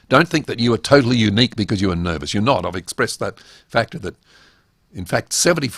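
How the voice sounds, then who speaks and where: A man's voice: on the low side, no echo, studio quality. An older man with an Australian accent hosting a webinar on public speaking, talking emphatically and asking rhetorical questions. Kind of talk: instructional talk.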